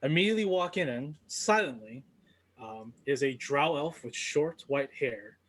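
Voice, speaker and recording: A man narrating a tabletop game as game master, with halting, filler-heavy delivery. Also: medium pitch, lively intonation, fairly bright tone.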